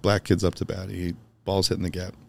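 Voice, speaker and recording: A man's voice: low voice, completely flat delivery, a little fast, creaky, darkish tone, a little hiss or hum. A man from Chicago, a podcast guest, telling personal stories in an emphatic, heartfelt way and swearing casually. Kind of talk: personal storytelling in conversation.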